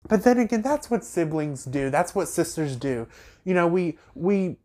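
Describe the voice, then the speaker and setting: A man hosts a reality TV recap podcast and talks through the drama in a casual rant. He is animated and emphatic, and he throws in sassy asides and pointed questions. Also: a little high, moderate pace. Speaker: podcast host.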